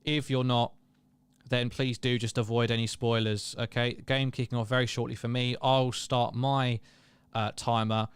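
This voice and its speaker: A man's voice: mid-range voice, little pitch movement, moderate pace, clean tone, dry recording. A young man hosting a live match watchalong, chatting casually, reading viewer comments and calling the play. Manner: chatty, self-deprecating, reads out viewer comments.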